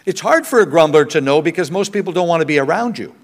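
A man's voice: a little high, expressive, quick pace. An older man preaching a sermon as pastor, earnest and conversational, with self-deprecating humor. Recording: long hall reverb.

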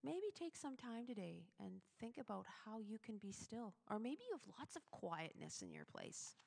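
A woman giving a chatty, animated devotional talk to other women, with sudden loud emphasis on key words. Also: on the high side, moderate pace, gravelly, husky. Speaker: devotional speaker. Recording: long hall reverb.

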